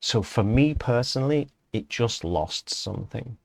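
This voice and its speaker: A man's voice: mid-range voice, expressive, measured pace, vocal fry, no echo. A middle-aged man hosting a music vlog, chatting casually in a rambling way and correcting himself as he goes. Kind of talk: casual spoken opinion piece.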